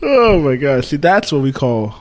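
A man's voice: fairly high pitch, sing-song, moderate pace. A man co-hosting a podcast, teasing the others and firing off questions in casual chat. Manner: teasing, asks lots of questions. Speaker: podcast co-host.

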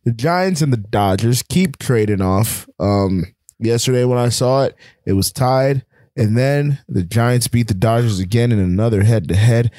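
A man co-hosting a sports podcast, steering the topics and pushing back on his partner with a teasing edge. His voice has a plain middle pitch. The recording is close and dry. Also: normal speed, mellow, no echo. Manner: argumentative, teasing, sighing. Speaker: co-host. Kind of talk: casual sports podcast chat.

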